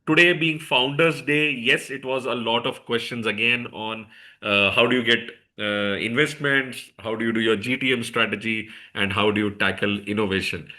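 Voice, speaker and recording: A man hosts an event session and moderates the speakers. His voice is bright and forward at a middle pitch. He hesitates often, with many fillers. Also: steady tone, moderate pace.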